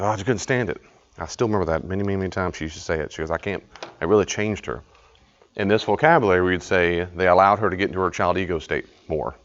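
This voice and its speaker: A man leading a live study group, teaching in a conversational way, often repeating himself and putting questions to the group. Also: low-pitched. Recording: dull lo-fi live recording.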